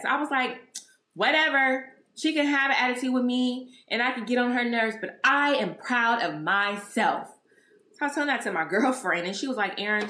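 A woman's voice: on the high side, pushed and bright. A woman hosting her own podcast, telling a personal story in casual chat, acting out remembered dialogue and swearing freely. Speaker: podcast host. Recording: echoey room.

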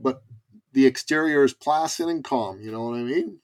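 A man who coaches businesspeople, telling a story as a guest on a conversational interview with casual fillers and lively asides. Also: mid-range voice, normal speed.

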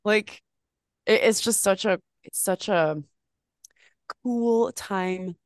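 A woman co-hosting a casual podcast, chatting and storytelling in an animated way, swearing freely and acting out quotes in a higher voice. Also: takes it slowly, clear, resonant tone, no echo, clean studio sound. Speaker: podcast co-host.

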